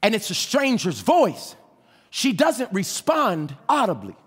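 A pastor with children preaching a sermon fervently, swinging between shouting and hushed tones and calling on the congregation to respond. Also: male voice, sits high, huge pitch swings, takes it slowly, slightly rough. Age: adult with children.

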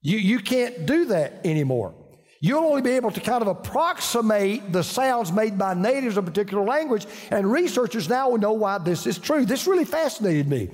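A man's voice: high-pitched, sing-song, normal speed. Older Southern man preaching in a hall. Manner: folksy, storytelling, frequent restarts. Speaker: pastor. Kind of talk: sermon.

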